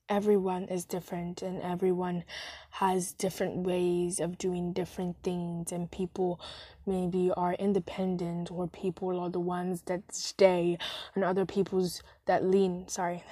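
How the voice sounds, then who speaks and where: Slow-talking young woman podcasting on a phone. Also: on the low side, mellow, no room sound, clean studio sound. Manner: rambling, self-deprecating, chatty. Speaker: podcast host. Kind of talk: casual solo podcast monologue. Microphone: phone voice recorder app with wired headphones.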